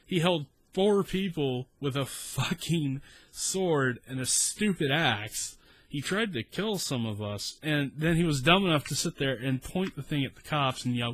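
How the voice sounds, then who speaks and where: A man's voice: a little high, animated, unhurried, a bit bright, dry recording. A man in his thirties with a South Texas accent, telling a rambling, profane story in casual story time.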